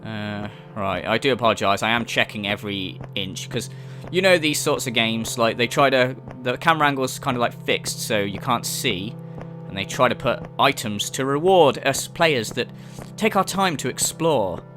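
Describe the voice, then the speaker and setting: A young man riffs through a let's-play with a bright, forceful voice, cracking sarcastic jokes and swearing freely. Soft guitar music sits low behind him, and his pitch stays in an everyday middle range. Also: animated, moderate pace. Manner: jokey, sarcastic, swears casually. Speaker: gaming YouTuber.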